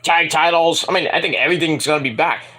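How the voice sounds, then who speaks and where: A young man casually rambling through a wrestling show review, breaking into shouted impressions of the wrestlers. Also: fairly high pitch, fast. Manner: rambling, animated, mimics wrestlers in shouted bursts.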